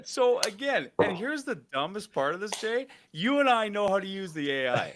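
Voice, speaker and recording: A man in easygoing conversation whose pitch swings up and down as he jokes and tells stories. His voice stays mid-range, and a faint hiss of noise sits under the recording. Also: moderate pace. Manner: animated, laughing storyteller. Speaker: co-host. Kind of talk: casual chat.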